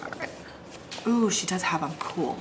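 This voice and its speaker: A middle-aged woman decorates her planner at home while sitting on the floor, chatting away in a rambling, self-deprecating style. She's a planner vlogger with a lowish, animated voice at a moderate pace, and the background is noisy.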